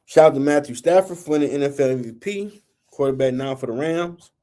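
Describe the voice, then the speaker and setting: A man's voice: on the high side, brisk, mellow. A man hosting a sports talk show, ranting in a blunt, heated, colloquial way and scolding teams and players. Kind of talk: opinionated sports rant.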